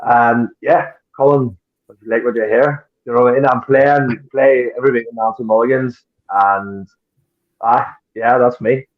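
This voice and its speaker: A man who is a folk singer, guesting on a podcast and talking in a halting, stop-start way. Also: mid-range voice, steady tone, muffled recording. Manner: halting, many fillers and restarts. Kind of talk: casual chat.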